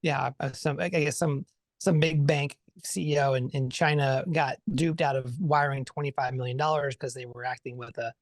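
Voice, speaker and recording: Chatty mid-pitched male podcast guest. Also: fairly even intonation, normal speed, no room sound, clean studio sound. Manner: thinks aloud with many fillers and restarts, upbeat. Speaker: podcast guest, consultant and author. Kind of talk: casual conversational interview.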